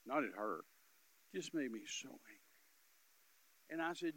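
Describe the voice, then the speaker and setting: An older man preaching, telling a story and acting out both voices with rising, loud peaks. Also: medium pitch, big pitch swings, a little fast, gravelly, slightly rough, poor audio. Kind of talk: sermon storytelling.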